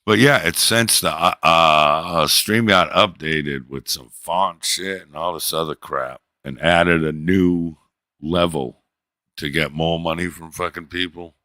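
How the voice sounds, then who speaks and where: A man hosting a livestream, talking casually in a profane, joking way and telling stories with quick impressions of others. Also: deep voice, bright, forceful tone, dry recording, studio quality. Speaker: livestream host. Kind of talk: casual rambling stream chat.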